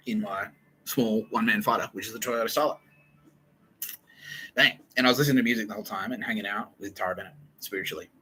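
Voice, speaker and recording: A man's voice: fairly low pitch, sharp tone, a little hiss or hum, poor audio. An Australian man hosting a podcast, telling a rambling comic story full of swearing and laughter. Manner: profane, laughing, digressive storytelling. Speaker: podcast host.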